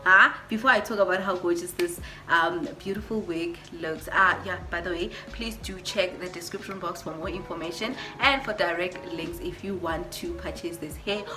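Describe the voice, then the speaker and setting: Excited girl unboxing stuff for her viewers, keeps saying guys, music playing under her. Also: fairly low pitch. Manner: gushing, repeats words, addresses viewers as guys. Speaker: beauty vlogger. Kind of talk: casual product unboxing.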